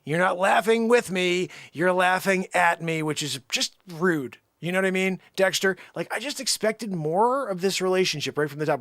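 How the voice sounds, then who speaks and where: A young man hosts a livestream and does a rambling, mock-indignant phone bit. His voice sits high with a gravelly edge and swings widely in pitch. The sound is dry and close. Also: bright, forceful tone, no echo. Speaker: livestream host. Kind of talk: improvised one-sided phone call skit.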